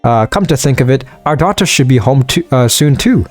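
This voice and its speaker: A jovial dwarf miner speaks in a hearty, put-on Scottish brogue, as a man voices him. His pitch jumps and swings as he talks, and he drags his words out folksily. Faint game music plays underneath. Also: lively intonation, fairly quick, close to an everyday voice. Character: gruff middle-aged male dwarf miner, jovial.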